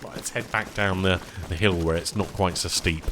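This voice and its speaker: A man chatting casually while streaming a survival game, tired and rambling, easily excited by small finds. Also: sits low, normal speed, background noise. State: tired, yawning. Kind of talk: casual live-stream commentary.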